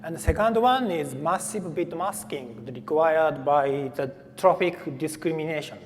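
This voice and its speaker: A man giving a technical conference talk, speaking haltingly with frequent fillers and restarts. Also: a little high. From Japan. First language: Japanese. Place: conference hall. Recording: faint hall reverb, light room noise.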